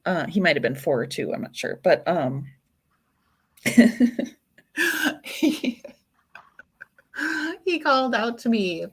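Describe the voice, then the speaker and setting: A woman chatting casually as host, her pitch rising and falling freely while she takes her time. She laughs often as she tells stories about the kids in her family. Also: sing-song, slow pace, pauses often, breathy edge. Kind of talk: casual chat.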